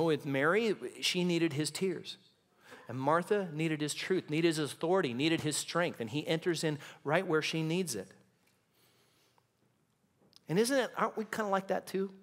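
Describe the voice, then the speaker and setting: A male pastor preaching a sermon in a church, impassioned and building to dramatic intensity. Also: on the high side. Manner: acts out quoted lines in hushed and shouting voices. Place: church sanctuary.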